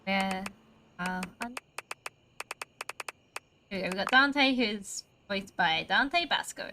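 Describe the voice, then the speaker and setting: A woman's voice: mid-range voice, slow, background noise. A woman streaming a video game, chatting casually and giggling often.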